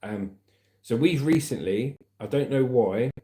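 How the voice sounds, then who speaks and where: A man's voice: mid-range voice, animated, a little slow, warm tone. A man from southern England with a southern English accent, hosting a livestream at home and chatting casually with viewers, calling them mate and brother. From Aldershot, southern England. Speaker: livestream host. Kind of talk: casual livestream chat, reading out viewer comments. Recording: roomy echo.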